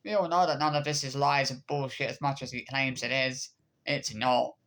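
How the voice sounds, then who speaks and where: A man's voice: mid-range voice, fairly even intonation, normal speed, fairly bright tone. A man in an angry, swearing vlog rant, repeating himself with frequent hesitant restarts. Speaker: vlogger.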